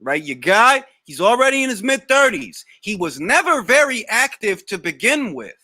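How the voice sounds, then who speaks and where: A man hosting a live boxing Q&A, answering chat comments in a blunt, slangy, animated way. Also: sits high, normal speed, no room sound. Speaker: boxing talk show host.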